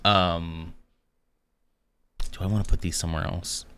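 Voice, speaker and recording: Low-voiced man chatting on a livestream. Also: steady tone, unhurried, a bit bright, slight background noise. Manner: rambling, tells dad jokes. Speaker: livestream host. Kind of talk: casual live stream chat.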